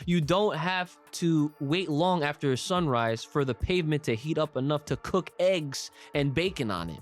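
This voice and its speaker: Animated young man co-hosting a podcast. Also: a little high, normal speed, soft background music. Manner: animated, swearing, laughing often, reads listener comments. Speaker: podcast co-host. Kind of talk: casual podcast chat.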